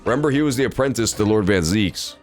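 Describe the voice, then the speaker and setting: A man's voice: on the low side, lively intonation, quick pace, soft background music. A man streaming a game, joking, rambling and swearing casually as he plays. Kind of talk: casual gameplay commentary.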